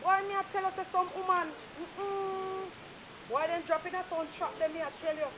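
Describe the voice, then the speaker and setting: A Jamaican woman acting a nosy, talkative female surveyor who gossips freely and is quick to apologise, in a low-budget drama. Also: level tone, noisy background. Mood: disapproving. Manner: gossiping, chatty, dramatic retelling. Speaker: property surveyor.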